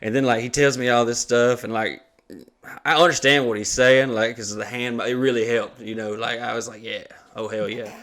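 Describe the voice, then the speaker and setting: A man hosting a comedy podcast, telling stories in a loose, profane and animated way, often laughing. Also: mid-range voice, brisk. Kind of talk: casual comedic storytelling.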